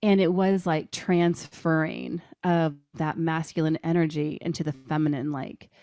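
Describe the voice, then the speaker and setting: Podcast guest, woman, lower pitch, very dry close sound, animated storyteller. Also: measured pace, gravelly, no room sound. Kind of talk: casual storytelling.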